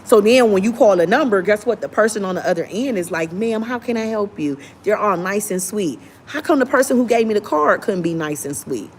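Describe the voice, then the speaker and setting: Young woman ranting to camera about bad service, emphatic, slips into a soft polite service voice, bit of hiss. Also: mid-range voice, expressive, fairly quick, hardly any pauses. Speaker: travel vlogger. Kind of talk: opinionated rant to camera.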